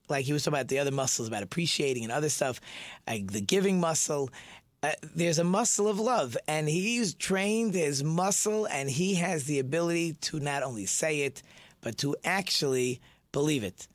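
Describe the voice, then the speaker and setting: A man's voice: a little high, animated, normal speed, no room sound. A man hosting a talk show, chatting casually in a rambling way and telling a joke. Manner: chatty, rambling, with fillers and restarts.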